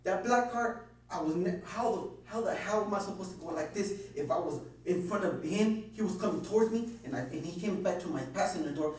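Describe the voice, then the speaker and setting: Rapid, stammering frightened man, echoey room. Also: high voice. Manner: stammering, repeats himself, heavy cursing. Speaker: interviewee questioned by police. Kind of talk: nervous rambling account. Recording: echoey room, distant mic, faint hum.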